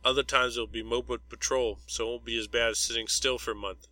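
A man voicing a calm, good-humored male squad leader giving a steady briefing in a storybook reading. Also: medium pitch, quick pace, dry recording, lightly acted, poor audio. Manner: steady, matter-of-fact briefing.

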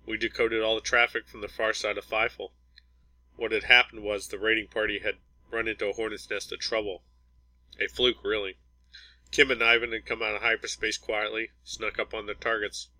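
A man narrating a science fiction audiobook in an even, measured reading. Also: fairly low pitch, dry recording, rough recording. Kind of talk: scripted narration.

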